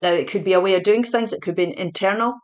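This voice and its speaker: A woman talks through a tarot reading month by month. She sounds chatty and reassuring, with a mid-pitched voice, and she pauses to correct her own slips before carrying on. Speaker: tarot reader.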